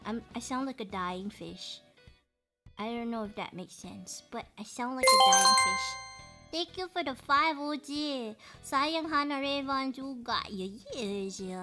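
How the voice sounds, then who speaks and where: A woman's voice: sits high, pushed and bright. A Malaysian woman livestreaming, chatting playfully and laughing often, mixing in English. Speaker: streamer. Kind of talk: casual livestream chat.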